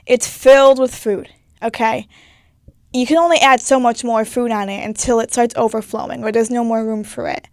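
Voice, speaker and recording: A woman's voice: on the high side, steady tone, moderate pace, no echo, studio quality. Emphatic young woman giving a pep talk. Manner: emphatic, swears freely, pep-talk delivery. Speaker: podcast host. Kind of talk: solo motivational podcast talk.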